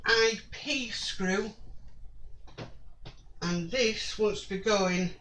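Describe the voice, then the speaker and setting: Slow-talking man building a model. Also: high-pitched, pushed and bright, slight background noise, rough recording. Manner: slow, apologetic, mutters while working. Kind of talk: hands-on build tutorial.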